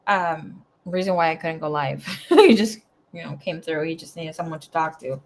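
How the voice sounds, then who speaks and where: A young woman runs a casual tarot reading from home, drifting into rambling personal stories. She swears freely and her volume jumps from loud bursts down to quiet mumbling. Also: sits low, expressive, moderate pace. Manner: chatty, swearing, rambling asides. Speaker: tarot reader.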